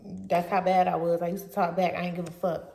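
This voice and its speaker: A woman's voice: fairly low pitch, a little fast, gravelly. Blunt, profane young woman, roomy sound. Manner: profane, blunt, animated retelling. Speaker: vlogger. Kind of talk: casual storytime. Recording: roomy echo.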